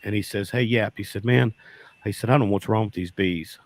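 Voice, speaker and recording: A man's voice: fairly low pitch, brisk. A man telling a folksy story as a beekeeper guest, often quoting himself with "I said". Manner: folksy, repeats "I said" in quoted dialogue. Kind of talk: casual storytelling.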